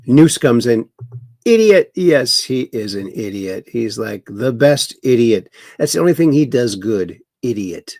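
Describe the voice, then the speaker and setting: A man hosts a casual livestream, reading viewer comments aloud and mocking the news with chuckles. His medium-pitched, darkish voice is expressive, at a measured pace with few pauses. The recording is studio quality with no room sound.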